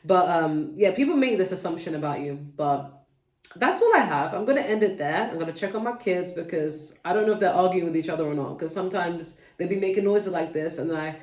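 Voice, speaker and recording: A woman's voice: on the low side, lively intonation, a little fast, echoey room, far from the mic. A woman with a London accent giving a casual tarot reading at home, chatty and digressive, speaking straight to her viewers. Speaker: tarot reader.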